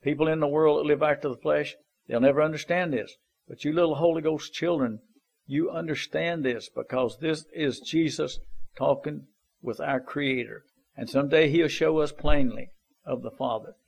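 A man's voice: on the high side, steady tone, normal speed, creaky, a little mellow. A man preaching an informal sermon, earnest and exhorting, repeating his points in folksy, plain grammar.

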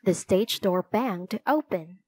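A woman reading a children's chapter book aloud with clear, deliberate storytelling. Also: medium pitch, darkish tone, no echo, low-quality recording. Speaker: narrator.

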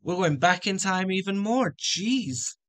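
A man's voice: high-pitched, expressive, measured pace, a bit bright, dry recording. A man hosting a gaming video, joking and playful as he comments on his play. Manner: joking, playful, with silly voices and outbursts.

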